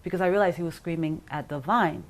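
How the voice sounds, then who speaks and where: A woman's voice: on the low side, quick pace. Middle-aged woman recounting events, full of fillers. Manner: rambling, filler-heavy retelling with acted-out quotes. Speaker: interview guest. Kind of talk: personal account in an interview.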